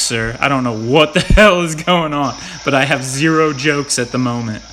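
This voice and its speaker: Guy in his 30s telling a war story, bright voice, bit higher pitched, swears a lot and laughs. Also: normal speed, slight background noise. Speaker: podcast host. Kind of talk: casual chat.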